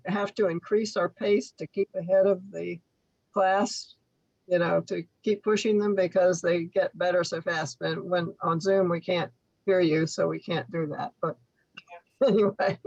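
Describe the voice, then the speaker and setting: Gravelly woman trainer on a lo-fi call. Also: on the low side, darkish tone, no room sound. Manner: chatty, with many fillers and restarts. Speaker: literacy trainer. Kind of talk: casual teaching talk.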